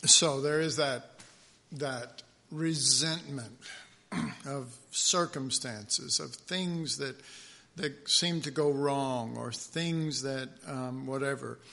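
Male pastor, unhurried halting sermon delivery, bright forward tone, stresses scripture words. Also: medium pitch, gravelly. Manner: halting, many fillers and restarts, reads scripture aloud with emphasis. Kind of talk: conversational sermon.

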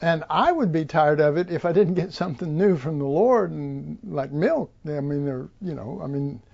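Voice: mid-range voice, moderate pace, gravelly, a little mellow, muffled recording. A preacher giving an informal Bible teaching, rambling with many fillers and restarts.

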